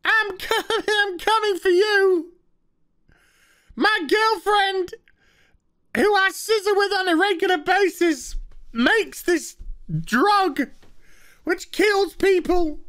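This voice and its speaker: A man doing a shrill, whiny parody voice of a frantic character ranting threats. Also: takes it slowly, pauses often, fairly bright tone, exaggerated voice. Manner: shrieking, whiny mock outrage.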